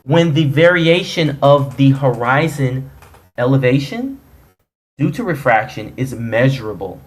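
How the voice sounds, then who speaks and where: A man hosting a heated online debate, taunting and mocking his opponent, laughing at him and repeating words quickly when cut off. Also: medium pitch, animated. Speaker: host of a debate stream.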